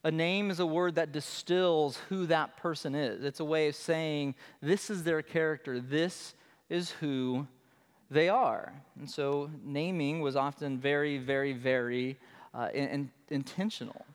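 A pastor, an adult with children, preaches a sermon in a slightly raised voice that rings through a long hall reverb. Earnest and emphatic, he repeats phrases to drive his point home. His fairly high voice is smooth, steady in tone and unhurried.

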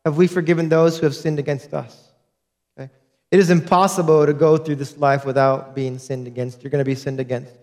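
A man's voice: a little high, steady tone, a little fast, a little mellow. A man preaching a sermon as a pastor, earnest and direct, repeating key points to his congregation.

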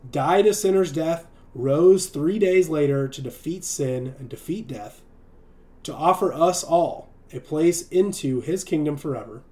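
A man's voice: fairly high pitch, mellow. A man giving an earnest sermon on a livestream and often checking in with the listener by asking "right?". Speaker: streaming preacher.

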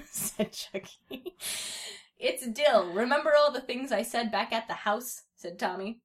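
At a measured pace and with an animated voice, a podcast host reads fan fiction aloud for comedy. Frequent laughter punctuates her put-on high voices for the baby characters.

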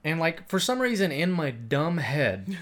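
A man's voice: on the high side, very animated, measured pace, fairly bright tone. A man in casual chat, telling a rambling story and swearing freely.

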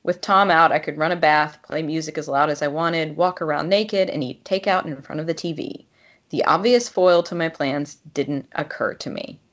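Low-voiced woman author, reading and chatting. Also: moderate pace, lo-fi sound. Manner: animated, laughing, chatty with many fillers. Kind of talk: reading her novel aloud, then casual chat.

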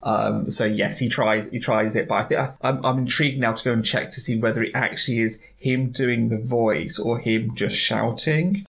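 A man with a gravelly, creaky edge to his voice chats about a novel with his co-host. He speaks haltingly, agrees often and breaks into easy laughter. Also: mid-range voice, fairly bright tone. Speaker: podcast co-host. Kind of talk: casual book discussion.

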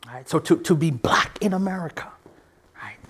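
A man giving a reflective public talk, earnest and animated, often laughing and checking in with his listeners, sometimes dropping to a hushed near-whisper for emphasis. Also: on the high side, normal speed, breathy edge. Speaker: speaker.

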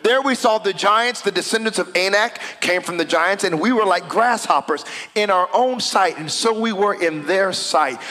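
High bright-voiced preacher in a reverberant church. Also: male voice, moderate pace, few pauses. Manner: builds to shouted declarations, reads scripture aloud. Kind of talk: sermon. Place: church sanctuary. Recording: long hall reverb.

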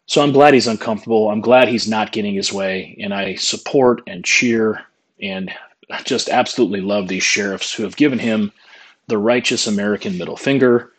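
A man's voice: fairly low pitch, fairly even intonation, moderate pace, a bit bright, breathy edge, rough recording. A man giving a political opinion monologue, scornful and mocking as he rants. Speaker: political commentator.

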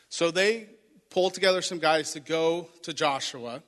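A man's voice: fairly high pitch, a little slow, fairly bright tone. A man preaching a sermon, retelling a Bible story and acting out the voices of its figures. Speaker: pastor. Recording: reverberant hall.

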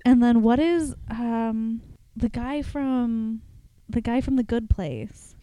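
A woman's voice: on the high side, slow pace, warm tone, clear, resonant tone. A woman co-hosting a podcast in casual chat, chattily retelling film plots in detail. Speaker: podcast co-host.

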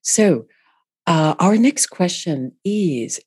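Woman, interview host, low pitch, very lively intonation, dry recording. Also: a little slow, no echo. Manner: playful, laughs often, addresses audience. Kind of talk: interview for language learners.

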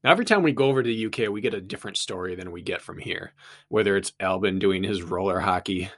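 A man's voice: deep voice, fast, fairly bright tone. A man hosting a running podcast and coaching his guest, talking in a chatty, upbeat way. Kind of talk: casual chat.

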